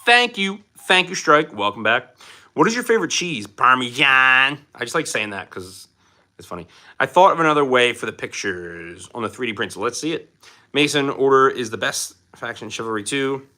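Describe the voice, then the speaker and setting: A man's voice: mid-range voice, lively intonation, fairly quick, bright, forceful tone. A young man from Philadelphia chatting casually on a live stream, reading viewer questions aloud and answering them. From Philadelphia, USA.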